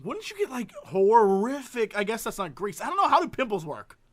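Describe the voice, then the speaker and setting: A man's voice: sits high, huge pitch swings, fairly quick. A man co-hosting a comedy podcast, joking around and breaking into giggles often. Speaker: podcast co-host. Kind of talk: casual comedic banter.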